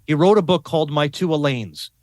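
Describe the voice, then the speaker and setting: A man's voice: on the high side, fairly quick, darkish tone, no echo, studio quality. A man as a podcast guest talking earnestly in a casual conversation, often repeating words and adding tag questions.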